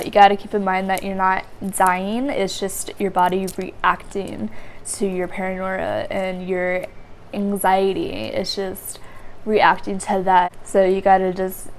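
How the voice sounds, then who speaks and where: A woman's voice: mid-range voice, a little mellow, slight background noise. A young woman vlogging, telling a story casually to her viewers in a rambling way full of "like" fillers. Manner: rambling, heavy use of "like" fillers.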